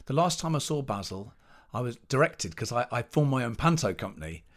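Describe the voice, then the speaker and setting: A man, a pantomime performer chatting as an interview guest, telling animated anecdotes and restarting as he searches for words. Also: medium pitch, fairly quick. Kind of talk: casual interview chat.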